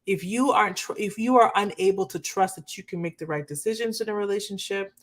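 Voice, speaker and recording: A woman's voice: medium pitch, fairly quick. A woman giving a live coaching talk on relationships, earnestly speaking to her viewers and often checking in with "okay?". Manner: addresses viewers directly, asks for comments. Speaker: marriage coach.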